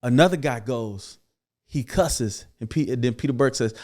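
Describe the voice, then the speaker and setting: A middle-aged man tells his own story as a guest, in a mid-range voice. He acts out the scenes, swelling into loud, excited bursts before settling back into steady narration. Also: mid-range voice, normal speed. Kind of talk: animated storytelling.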